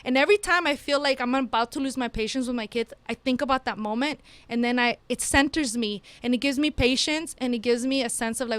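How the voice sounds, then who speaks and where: A woman's voice: a little high, a little fast, clear, resonant tone, no echo. A woman on a podcast in a studio, telling a parenting story in casual chat with lots of fillers. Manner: animated storytelling, many fillers. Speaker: mother and podcast guest.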